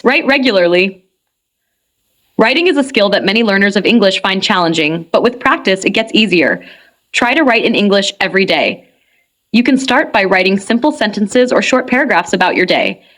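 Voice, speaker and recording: A woman with a mid-range voice presents a beginner English lesson. She reads her script clearly and at a measured pace, like a scripted broadcast. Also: mid-range voice. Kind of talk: scripted instructional narration.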